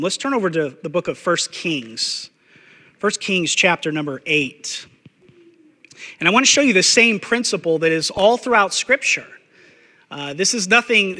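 A male pastor preaching with a high, bright, forceful voice that carries a long hall reverb. He is blunt and emphatic, hammering phrases through repetition and scattering "uh" fillers as he goes. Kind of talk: sermon.

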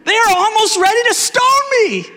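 A man's voice: extremely high pitch, sing-song, normal speed, bright, forceful tone, big-room sound, pitched above the performer's own voice, full character voice. A man voicing an exasperated older prophet who pleads with God in a strained, pleading tone.

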